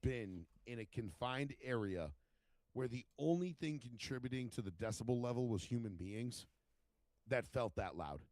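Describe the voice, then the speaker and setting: A man casually telling profane, animated stories as a podcast co-host and acting out other people's lines. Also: medium pitch, moderate pace, no room sound. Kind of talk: casual chat, storytelling.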